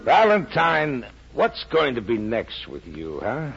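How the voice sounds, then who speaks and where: A gravelly sarcastic police lieutenant. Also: male voice, medium pitch, huge pitch swings, slow pace, over loud music, exaggerated voice. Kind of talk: 1940s radio acting. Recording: dull old radio broadcast.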